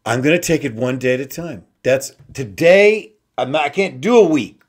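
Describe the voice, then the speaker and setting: A man hosting an inspirational talk show, slowly repeating simple phrases with emphasis. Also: mid-range voice, lively intonation. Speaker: host.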